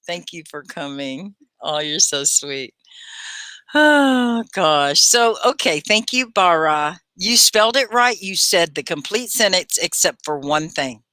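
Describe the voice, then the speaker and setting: A woman teaching English live online, her bright voice rising and falling in lively swoops. She chats encouragingly with her students, and the sound is close and dry, with no room around it. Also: on the low side, slow, no room sound. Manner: warm, encouraging, chatty with viewers. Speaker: ESL teacher hosting a livestream class.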